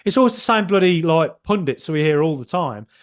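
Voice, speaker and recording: A man hosts a casual football podcast in an animated, joking way. He swears mildly and often breaks off and restarts his sentences. His voice sits fairly high. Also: brisk. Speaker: podcast host.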